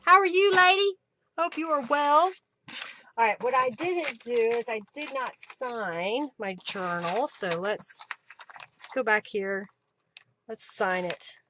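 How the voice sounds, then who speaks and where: A woman's voice: on the high side, lively intonation, takes it slowly, bright, forceful tone, slight background noise. A woman with an Oklahoma accent hosting a live crafting stream, chatting with viewers and thanking them by name. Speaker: craft livestream host. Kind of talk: casual live-stream chat.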